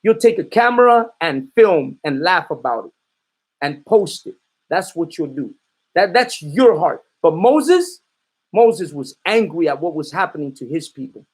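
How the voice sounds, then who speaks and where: A man's voice: on the high side, expressive, measured pace, breathy edge. A man preaching in a fiery, confrontational way, calling out his listeners and giving commands to a reader. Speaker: street preacher.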